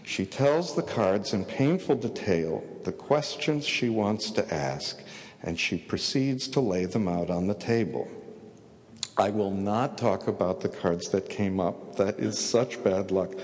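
A man's voice: lowish voice, expressive, measured pace, big-room sound. A male author reading his fiction aloud in a dry, wry first-person storyteller's manner.

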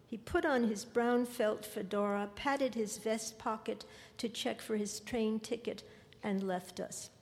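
Slow gravelly woman reading fiction. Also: fairly high pitch, fairly even intonation. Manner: measured, deliberate. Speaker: author reading her fiction. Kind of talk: literary reading aloud. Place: lecture hall. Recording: long hall reverb.

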